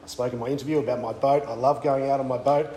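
A man's voice: medium pitch, steady tone, fast talker, mellow, roomy sound, a little hiss or hum, poor audio. An Australian man preaching a sermon at a weekend away, conversational, with frequent fillers and restarts. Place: church weekend away venue.

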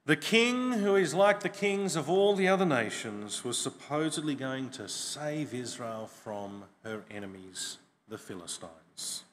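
A man preaching a sermon, reading scripture aloud with emphatic stresses and expressive delivery. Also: mid-range voice, unhurried, hardly any pauses, in a large hall, slight background noise.

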